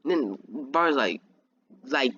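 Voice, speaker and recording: A man's voice: medium pitch, animated, slow, fairly bright tone, a little hiss or hum. Rambling young man with a lo-fi home mic. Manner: rambling, many restarts, laughs at himself. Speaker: fan video creator. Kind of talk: casual fan storytelling.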